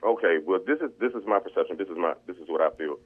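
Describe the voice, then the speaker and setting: A man's voice: deep voice, rapid-fire, slightly rough. A man calling in to a casual talk show, speaking candidly and repeating words as he gathers his thoughts. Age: older. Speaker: caller. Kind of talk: casual chat. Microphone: phone. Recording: tinny phone line.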